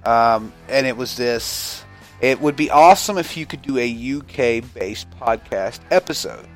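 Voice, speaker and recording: A man's voice: medium pitch, animated, a little slow, soft background music. A man co-hosting a wrestling podcast in a casual, rambling chat, swearing and joking with his co-host.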